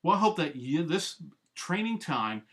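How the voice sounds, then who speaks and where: A man's voice: a little high, sing-song, unhurried, fairly bright tone. A man giving an earnest, methodical instructional training talk as a discipleship trainer, laying out simple steps one by one.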